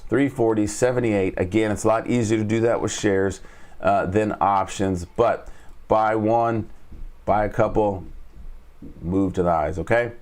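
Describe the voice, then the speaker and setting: A man hosting a live trading lesson. He repeats his key points, stops to ask "all right?" after each one, and reads and answers the live chat. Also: mid-range voice. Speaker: trading coach and stream host.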